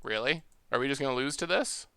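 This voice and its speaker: Bright, lively-voiced male game streamer. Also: medium pitch, fast talker, clean tone, no echo. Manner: chatty, thinks aloud, laughs often, restarts phrases. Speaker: streamer playing a card game online. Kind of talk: live gameplay commentary.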